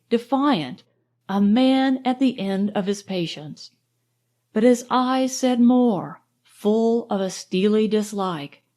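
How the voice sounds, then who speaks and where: A woman narrating an audiobook in a measured, expressive storytelling manner. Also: a little high.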